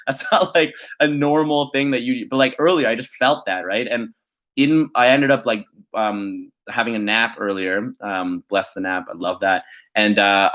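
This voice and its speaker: Low-voiced young man, rambling vlog talk. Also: fairly bright tone. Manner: rambling, full of "like" fillers. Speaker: vlogger. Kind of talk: candid reflective vlog with poetry reading.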